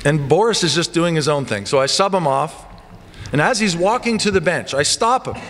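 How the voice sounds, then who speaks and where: A male basketball coach giving a lively assembly speech in a church, telling stories and acting them out. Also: fairly high pitch, normal speed. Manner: animated storytelling with comic voices. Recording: long church reverb, faint ambience.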